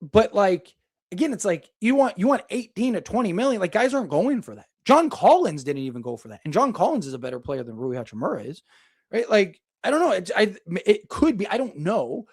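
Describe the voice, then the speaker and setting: A man's voice: high-pitched, sing-song, fairly quick, darkish tone, slightly rough. A young man hosting a casual live basketball talk stream, rambling with lots of fillers as he reads viewer super chats. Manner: rambling, filler-heavy, thinks aloud. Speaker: sports podcast host reading super chats.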